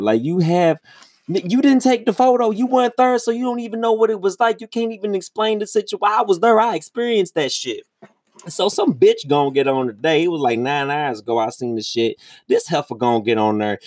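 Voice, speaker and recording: A young man telling a story in a casual, profane ranting monologue, with his voice jumping high when he gets exasperated. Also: fairly quick, darkish tone, dry recording, studio quality. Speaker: vlogger.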